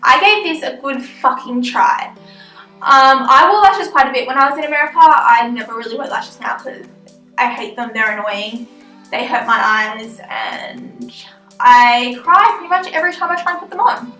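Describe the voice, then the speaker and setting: Casting note: young woman, bright and sharp-toned, blunt, swearing beauty vlogger. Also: sits high, expressive, moderate pace. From Australia. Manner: blunt, ranting, swears freely. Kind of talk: casual product review vlog. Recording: echoey room with faint music.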